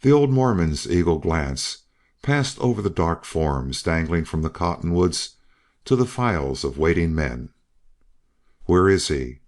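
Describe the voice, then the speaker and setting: A man's voice: low-pitched, sing-song, a little slow. A man narrating a western novel as an audiobook reader. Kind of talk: scripted narration.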